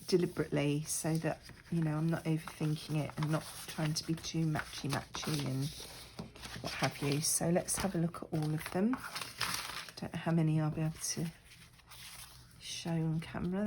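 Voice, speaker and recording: A woman's voice: low-pitched, steady tone, normal speed, background noise. Chatty woman crafting at her desk. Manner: chatty, rambling, self-deprecating. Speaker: crafting vlogger. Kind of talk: casual chat while crafting.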